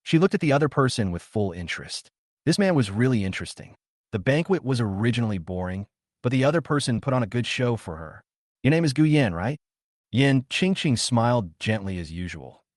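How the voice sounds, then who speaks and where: A man narrating a comic recap story in a steady, scripted storytelling way. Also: mid-range voice, brisk, no room sound, clean studio sound.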